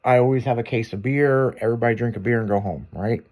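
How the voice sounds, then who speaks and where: A man's voice: medium pitch, fast talker, darkish tone. A man who runs a shop, telling stories in casual chat, swearing and laughing a lot. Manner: profane, laughing storyteller.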